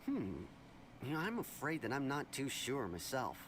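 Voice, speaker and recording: A calm, politely reserved townsman speaks in a measured, thoughtful way. His pitch still moves expressively. Clear noise sits under the game audio. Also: poor audio. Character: calm, reserved man who watches the city.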